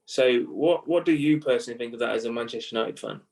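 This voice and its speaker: A man's voice: mid-range voice, quick pace, a little mellow, distant mic, rough recording. Easygoing man, a little off-mic. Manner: easygoing, asks questions, laughs along. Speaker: podcast co-host. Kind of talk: casual football chat.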